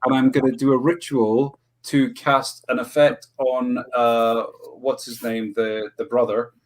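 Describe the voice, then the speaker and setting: A man's voice: mid-range voice, little pitch movement, unhurried. A man playing a tabletop game over a video call, explaining his moves with hesitant restarts. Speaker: player.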